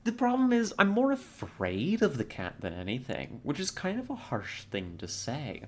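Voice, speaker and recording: A man's voice: a little high, wildly swooping pitch, moderate pace, fairly bright tone. A man chatting casually while livestreaming a strategy game, rambling and often laughing at his own jokes. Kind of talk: casual gameplay chat while streaming.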